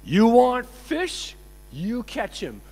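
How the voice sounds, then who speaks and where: A man voicing an exasperated old male holy hermit who scolds in shrill shouts. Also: wildly swooping pitch, drawn-out words, long reverb tail, a little hiss or hum, heavily acted. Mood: defiant.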